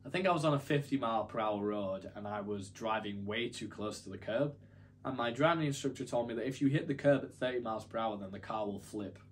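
A young YouTuber tells a story to camera in a casual, rambling, self-deprecating way. His voice is lowish and brisk, and the recording carries a little hiss or hum.

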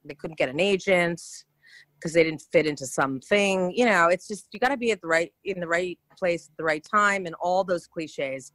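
Speaking at a moderate pace with no echo, a New York actress in a casual interview shares animated stories in a fairly low voice. She's chatty and keeps starting her sentences over.

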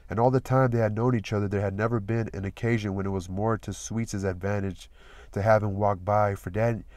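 Guy reading a novel out loud, lowish voice, steady and measured. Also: no echo. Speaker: audiobook reader. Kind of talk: novel read aloud.

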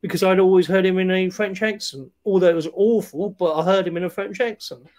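A man with a fairly high voice talks through a film in loose, casual chat. He hesitates often, trailing off into fillers and restarting his sentences. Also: brisk, darkish tone. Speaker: film review podcast co-host.

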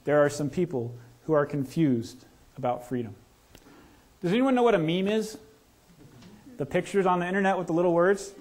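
A male pastor preaching a sermon in a church, talking casually and asking the congregation questions. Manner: conversational, asks the congregation questions; lowers to a soft, slow voice in prayer. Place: church sanctuary.

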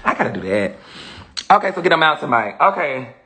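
A sassy, animated woman chatting on a phone livestream, reading viewer comments and laughing often. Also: deep voice, fairly quick, noisy background. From Atlanta, USA. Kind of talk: casual livestream chat.

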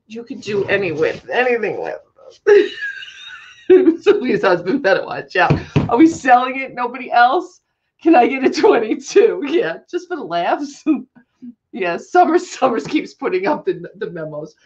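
Woman host, giggly, animated pitch, slow talk, dull lo-fi sound. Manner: giggly, laughing through her words. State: laughing to tears. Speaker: live auction host. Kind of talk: live selling stream chat.

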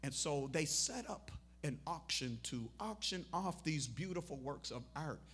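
A man preaching a memorial sermon. He tells a parable, acts out what people say, and swells into loud, emphatic appeals. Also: a little high, expressive, unhurried, slight background noise.

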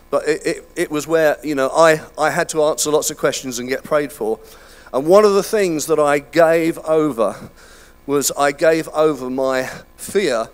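An older British pastor with a slightly high, clear, resonant voice preaches a sermon in a church hall. His delivery is chatty and self-deprecating, full of fillers and restarts.

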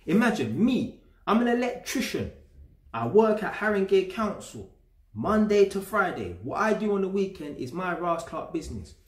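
Casting: London man vlogger, fairly high voice, blunt slangy rant, roomy echo. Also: sing-song, moderate pace. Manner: blunt, swearing, street slang, heated. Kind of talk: casual rant to camera. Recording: echoey room.

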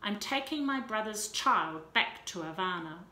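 A curt, commanding sheikh, read by a woman in a voice close to her own. He speaks slowly and flatly, as if every decision is already final, with a roomy echo around the voice. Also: mid-range voice. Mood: cold. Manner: curt and authoritative. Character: cold commanding sheikh, powerful man.

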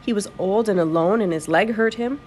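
A woman reading a children's novel aloud in an expressive storytelling voice. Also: medium pitch, brisk, noisy background. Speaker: audiobook reader.

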